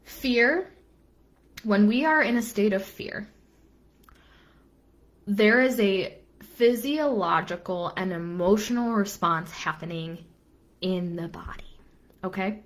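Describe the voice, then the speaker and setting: A woman's voice: medium pitch, takes it slowly, long pauses. A young adult woman business coach giving an earnest live-stream talk, repeating phrases for emphasis and dropping casual asides.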